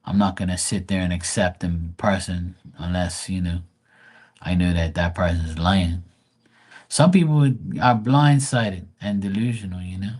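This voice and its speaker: A man's voice: low voice, measured pace, a little mellow, breathy edge. Crude, rambling man on a live stream. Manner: crude, boastful, rambling with many fillers. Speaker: live-stream host talking to chat. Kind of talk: casual live-stream chat.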